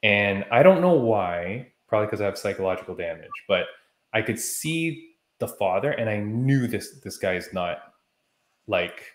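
Guy on a podcast getting worked up telling a story, lowish voice, kinda echoey room. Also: moderate pace, slight background noise. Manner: animated, heated storytelling. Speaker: podcast co-host. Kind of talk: casual chat.

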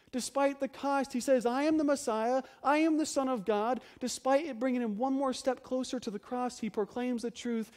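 A man preaching a sermon as pastor, emphatic, asking the congregation rhetorical questions and swinging between loud stresses and hushed low phrases.

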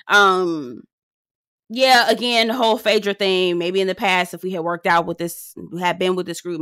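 A young woman recaps a reality show with sassy, slangy commentary. Her voice is bright and sharp, and it jumps into squealing outbursts. The recording is dry and close, with no room sound. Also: no room sound. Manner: animated, sassy, slangy, with high-pitched outbursts.

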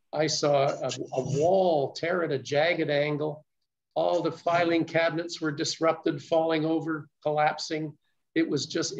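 An older man from Canada giving a measured, detailed first-person account to an audience. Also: on the high side. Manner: measured, detailed storytelling with frequent restarts. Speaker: speaker telling a survivor's account. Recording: dull lo-fi recording.

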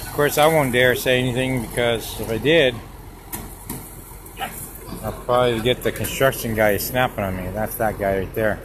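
Filming on his phone by a school, a man heatedly argues with road workers, going over the same points again and again. His mid-range, slightly bright voice moves at a moderate pace with long pauses. The low-quality recording has a little hiss or hum.

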